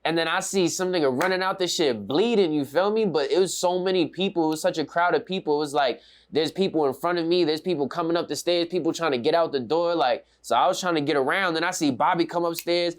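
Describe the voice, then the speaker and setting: A man, telling a story in a casual interview, animated and slang-heavy. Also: on the high side, quick pace, few pauses. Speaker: interview guest.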